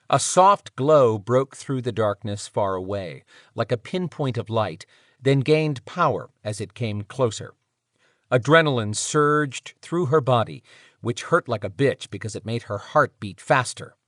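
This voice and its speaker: A man narrating an audiobook in an expressive, dramatic reading style. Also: mid-range voice, unhurried, no room sound, studio quality. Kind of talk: scripted narration.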